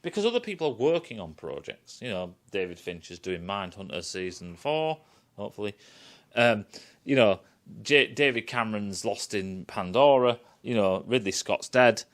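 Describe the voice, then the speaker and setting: Animated sweary man. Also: fairly low pitch, normal speed. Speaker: film and TV reviewer. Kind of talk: ranting casual review.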